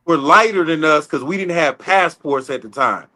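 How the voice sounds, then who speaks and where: Bright-toned blunt slangy man. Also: on the high side, moderate pace, rough recording. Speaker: livestream panelist. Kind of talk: casual storytelling on a livestream.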